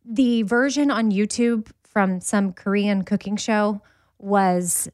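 Woman podcast host, middle-aged, chatty, animated, close dry mic. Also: medium pitch, takes it slowly, no room sound. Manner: chatty, animated storyteller, laughs easily. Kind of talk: casual chat.

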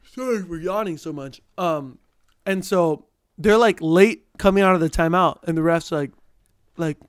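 A man's voice: on the high side, normal speed, clear, resonant tone, no echo, clean studio sound. A young man co-hosting a casual chat, rambling and laughing as he tells stories.

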